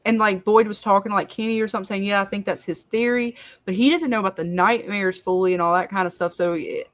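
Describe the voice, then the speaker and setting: A woman's voice: mid-range voice, steady tone, fast talker, dry recording. A woman on a podcast panel in casual fan-show discussion, talking with profanity and acting out quotes from the show.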